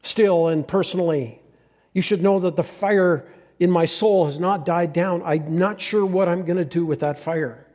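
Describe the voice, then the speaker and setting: An older male pastor delivers an earnest farewell sermon at a moderate pace, his fairly high voice carrying a dark, mellow tone. He frequently halts and restarts his thoughts, and the church hall gives his words a long reverb.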